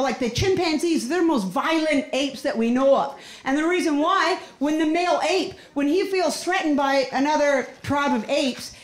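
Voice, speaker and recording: Here a high-pitched Canadian woman does stand-up comedy, bringing characters to life as she tells her stories with energy. Laughter from the crowd echoes through the roomy club.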